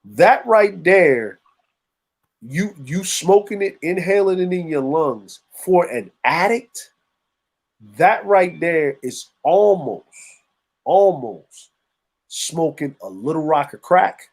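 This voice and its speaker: Guy on a podcast, kinda high voice, tells stories and acts out the people in them. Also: expressive, slow pace, darkish tone. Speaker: podcast co-host. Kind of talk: casual chat.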